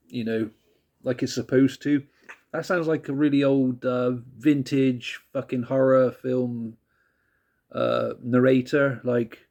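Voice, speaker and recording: A man's voice: medium pitch, creaky, darkish tone. Laid-back man reviewing music, swearing casually. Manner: laid-back, frequent laughs and swearing, rambling asides.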